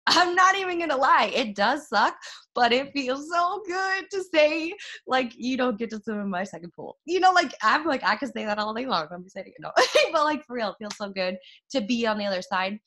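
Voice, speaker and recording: A young woman giving an excitable, chatty motivational talk to her followers about her network marketing success, full of fillers and laughter. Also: high voice, normal speed.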